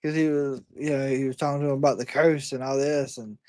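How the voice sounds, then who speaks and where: A man's voice: medium pitch, steady tone, quick pace, darkish tone, dry recording. Laid-back man talking wrestling. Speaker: wrestling podcast co-host. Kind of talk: casual chat about wrestling.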